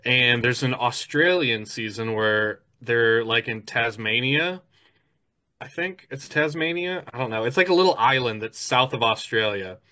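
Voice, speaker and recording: Bright-voiced rambling man chatting. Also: medium pitch, measured pace. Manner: rambling storyteller, lots of "like" and restarts. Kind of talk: casual chat.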